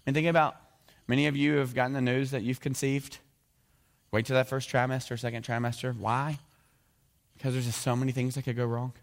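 Male pastor, animated and jokey sermon, does the voices of biblical figures. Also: medium pitch, fairly quick, gravelly.

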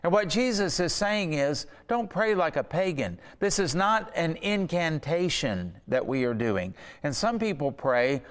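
A man's voice: on the high side, animated, unhurried, few pauses, clean tone, in a large hall. A man preaching a sermon, earnest and conversational, asking the listeners questions. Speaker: pastor.

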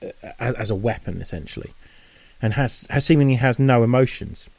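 A man's voice: medium pitch, a little fast, a little mellow, no echo. A man, co-hosting a casual film review chat in a chatty way, with many restarts and fillers. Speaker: podcast co-host.

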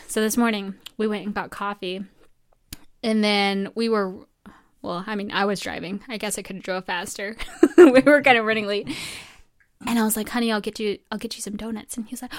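Animated woman telling lively stories. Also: mid-range voice, a little fast. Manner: animated storyteller acting out quoted dialogue. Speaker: medical student. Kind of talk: casual chat.

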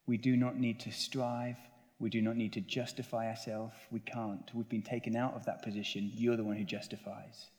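A man's voice: medium pitch, flat delivery, moderate pace, few pauses. Earnest male preacher in a reverberant hall. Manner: earnest preaching, swelling on scripture and dropping soft at the close. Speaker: pastor. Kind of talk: sermon. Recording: long church reverb.

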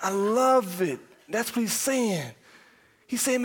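Shouting high-voiced male preacher. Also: lively intonation, takes it slowly. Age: young adult or middle-aged parent. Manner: preaching at a near scream, then dropping low. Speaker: pastor. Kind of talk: impassioned verse-by-verse sermon.

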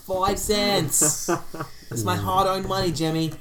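A man's voice: high voice, slow, a crowd in the background, voice pushed up. A man doing an exaggerated Boston accent, voicing a stingy working-class Boston man who complains about his hard-earned money. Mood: grumbling. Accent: put-on Boston.

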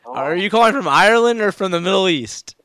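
A man hosting a casual podcast, an excitable storyteller who often breaks into laughter. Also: high-pitched, brisk, no echo. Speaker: show host.

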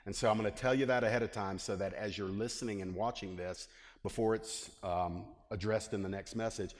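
A male pastor preaching a lively sermon and asking his congregation questions. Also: fairly low pitch, brisk. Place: church hall. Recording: long hall reverb.

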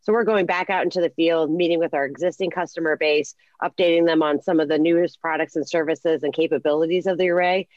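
A woman guest on a podcast, a healthcare solutions specialist, explaining her work in a measured way. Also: deep voice, fairly even intonation, darkish tone, no echo, lo-fi sound. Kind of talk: conversational interview.

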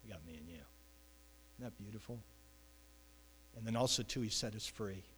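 A man preaching a sermon in an animated way, now and then acting out voices. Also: on the low side, moderate pace, slight background noise. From United States. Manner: animated, acts out voices, chuckles. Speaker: pastor. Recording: long hall reverb.

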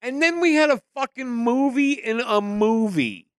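A man's voice: very high voice, a little slow, fairly bright tone, smooth, no room sound. A man co-hosting a podcast in casual movie-review chat, laid-back and given to dry wisecracks. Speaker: podcast co-host.

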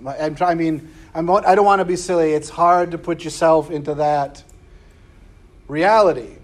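Chatty preacher, higher-pitched man. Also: moderate pace. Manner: conversational, peppered with "right?" and slangy asides. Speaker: preacher teaching a scripture class. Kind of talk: casual Bible class lecture.

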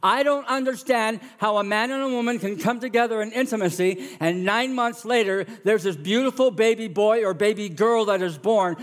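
Male pastor, middle-aged, animated sermon, acts out characters, fairly high voice, long church-hall reverb. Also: moderate pace, few pauses.

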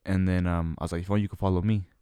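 A man's voice: sits low, level tone, racing, warm tone, clear, resonant tone, no room sound, clean studio sound. A young man rambling through a slangy, casual story and acting out the voices of the people in it. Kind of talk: casual chat. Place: Utah.

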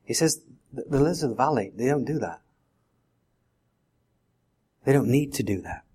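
A man's voice: mid-range voice, lively intonation, normal speed, dark tone, slightly rough. A man preaching a sermon in a conversational way, full of rhetorical questions. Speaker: pastor.

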